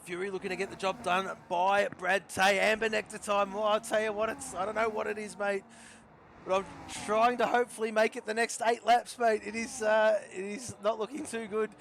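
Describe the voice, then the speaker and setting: A man commentating a sim racing league, chatty and repeating himself, his voice hoarse and giving out. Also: high voice, level tone, brisk, fairly bright tone, slight background noise. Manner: chatty, repeats phrases, calls drivers by nicknames. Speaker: race commentator.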